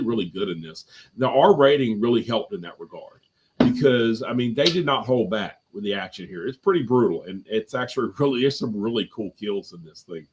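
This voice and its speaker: A man's voice: mid-range voice, slight background noise. A man chatting casually as a guest on a live movie review stream from home, rambling with lots of fillers and restarts.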